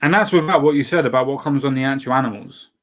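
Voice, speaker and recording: A man hosts a loose, casual chat, at an ordinary middle pitch. He swears freely and trips over his own words, starting phrases again and again. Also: fast talker. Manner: swears freely, talks in restarts. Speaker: show host.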